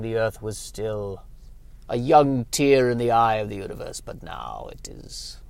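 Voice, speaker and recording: A man's voice: medium pitch, vocal fry, dry recording. A man putting on an ancient, solemn Reverend Mother. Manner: solemn, theatrical, with sweeping pauses. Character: ancient grandiose female mother superior. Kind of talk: comedic improvised sketch.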